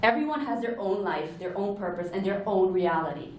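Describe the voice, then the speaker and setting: Brisk and expressive, a medium-pitched woman addresses a large conference hall with an earnest, explanatory talk, occasionally revising a sentence midway. The distant mic picks her up from afar, with echo and slight background noise.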